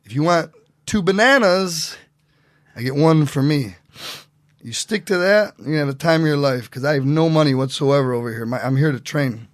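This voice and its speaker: A man telling stories as a podcast guest in a casual, animated way, acting out what other people said. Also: fairly high pitch, moderate pace, no room sound. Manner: animated, acts out quotes in voices. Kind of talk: casual storytelling.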